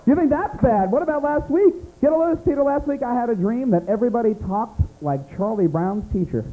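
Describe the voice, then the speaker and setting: A man's voice: very high voice, fairly quick, mellow, rough recording. An American man doing stand-up comedy in a small club, teasing audience members by name in a brash way. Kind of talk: stand-up comedy set with crowd work.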